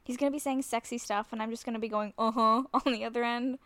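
Flustered woman in an audio role-play, nervous and self-conscious, with a fairly high voice and a dry, close sound. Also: steady tone, fast talker, no room sound. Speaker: nervous woman talking to a friend on the phone.

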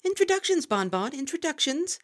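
A man's voice: very high voice, very animated, fairly quick, pitched above the performer's own voice. A man voicing a mischievous shapeshifting female kelpie fairy in a storybook reading, gushing and mock-polite. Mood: gleeful theatrical.

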